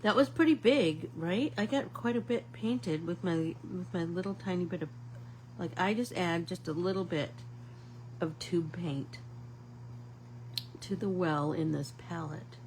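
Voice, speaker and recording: A woman's voice: on the low side, a little slow, darkish tone, slight background noise, poor audio. A middle-aged woman hosting a casual live painting class, chatting to viewers like friends and rambling through stories. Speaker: art class host.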